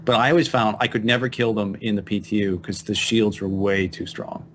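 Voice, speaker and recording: Low-voiced man in a halting chat. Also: fairly even intonation, a bit bright, a little hiss or hum. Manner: halting, restarts his points. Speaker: podcast co-host. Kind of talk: casual gaming podcast chat.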